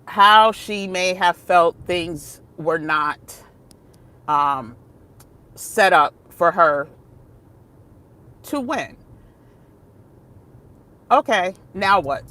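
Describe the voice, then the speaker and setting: Slow-talking chatty woman vlogger. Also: lowish voice, bright, forceful tone. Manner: chatty, digressive, laughs often. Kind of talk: casual vlog talk. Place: outdoors, moving between places.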